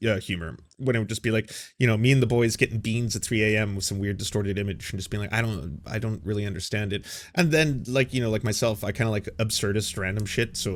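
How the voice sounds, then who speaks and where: A man in his thirties hosting a political commentary vlog, talking in a rambling, sarcastic way and swearing freely. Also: on the low side. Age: 30s. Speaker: commentary host.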